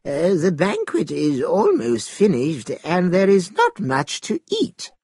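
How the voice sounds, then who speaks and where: Man voicing a fussy old village host from a storybook, high thin husky voice, slow and dry. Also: huge pitch swings, darkish tone, no room sound, full character voice. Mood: wary.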